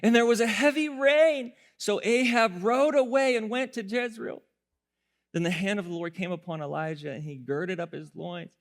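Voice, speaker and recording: A man with a very high voice preaches with lively energy. He acts out the story in different voices, laughs between lines and climbs into shouts when he drives a point home. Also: moderate pace. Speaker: pastor. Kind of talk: sermon.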